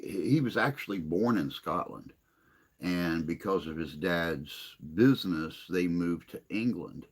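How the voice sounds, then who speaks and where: Man, very low voice, slow unhurried talk, casual livestream host, rambling with pauses. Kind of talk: casual livestream chat, answering viewer comments.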